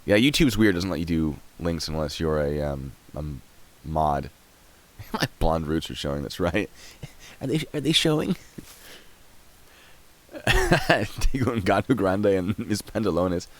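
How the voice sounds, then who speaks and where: A young man with a low voice talks casually through a live stream, reacting to videos and chat. His pitch swings widely, and he laughs often and trails off mid-sentence while he clicks around. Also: animated, a little slow.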